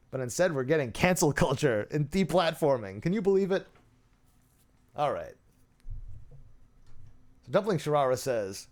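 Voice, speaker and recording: A man's voice: on the high side, darkish tone. A man hosting, reading messages aloud with dry, sarcastic, mock-serious commentary. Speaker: host.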